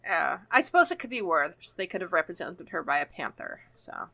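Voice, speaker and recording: A woman co-hosting a podcast in casual chat, relaxed and thinking aloud. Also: on the low side, brisk, vocal fry. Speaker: podcast co-host.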